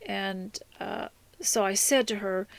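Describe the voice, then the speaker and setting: A woman's voice: medium pitch, takes it slowly, gravelly, no room sound, low-quality recording. A woman hosting a homemaking radio show, giving earnest, instructive advice in a casual talk to her listeners.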